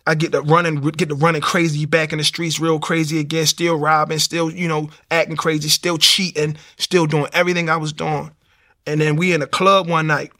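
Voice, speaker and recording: A man telling his personal testimony in an animated street style, acting out the voices. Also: fairly high pitch, brisk. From Baltimore, USA. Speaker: speaker giving a testimony.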